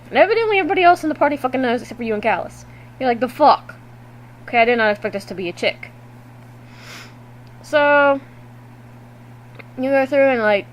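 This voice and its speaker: A woman vlogging to her webcam at home, recapping a video game in a loose, animated way and swearing freely. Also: fairly high pitch, slight background noise, poor audio. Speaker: gaming vlogger. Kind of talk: casual game recap to camera.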